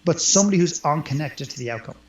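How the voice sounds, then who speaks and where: A man who works as a life coach speaks earnestly and emphatically as a guest in a conversational interview. His voice is fairly high, animated and quick. The recording sounds roomy, dull and lo-fi.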